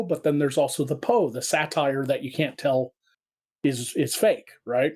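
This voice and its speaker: A man, a comedy creator, chatting in an interview and telling stories in an animated way. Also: a little high, moderate pace, husky. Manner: animated storyteller, slipping into voice impressions. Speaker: guest, online comedy creator. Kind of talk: casual interview chat.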